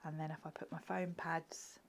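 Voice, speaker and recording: A woman's voice: sits low, flat delivery, normal speed, creaky. A woman chatting and giggling through a live card-making demonstration, often dropping to a murmur as she works. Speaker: craft demonstrator.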